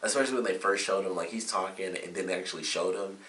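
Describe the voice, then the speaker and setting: Sitting low in pitch but bright and forceful in tone, a man reviews a TV episode at a quick pace, rambling chattily with many fillers. He's away from the mic in an echoey room, with a faint hiss audible.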